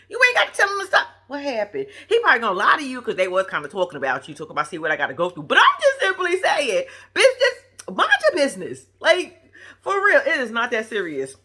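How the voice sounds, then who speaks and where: A woman's voice: fairly high pitch, wildly swooping pitch, a little fast, bright, forceful tone, husky. A woman giving casual, profane, gossipy commentary on a reality TV episode, laughing often as she talks. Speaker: reality TV recap vlogger.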